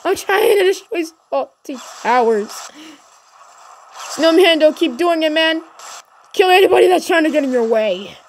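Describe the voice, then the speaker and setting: Girl with a really high voice yelling and cheering her way through a game, super hyped, faint hum behind. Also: measured pace. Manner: energetic, shouts encouragement and cheers. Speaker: gaming channel host. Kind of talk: excited gameplay commentary.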